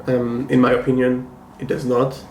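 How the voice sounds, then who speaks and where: A man hosting a casual review vlog, talking to camera in a measured, thoughtful and critical way. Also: medium pitch, flat delivery, slight background noise. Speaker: comic book collector and channel host. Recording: roomy echo, faint ambience.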